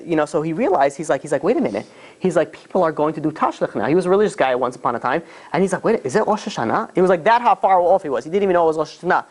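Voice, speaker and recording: Rabbi guy rambling thru a story sermon, super quick, lots of um and you know. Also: a little high. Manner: rambling, many fillers, acts out quoted voices.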